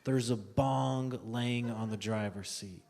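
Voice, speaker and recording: A man doing stand-up comedy, telling a family story with animated delivery and acting out relatives. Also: mid-range voice, takes it slowly, vocal fry. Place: live comedy stage. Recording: live stage with long reverb and faint noise.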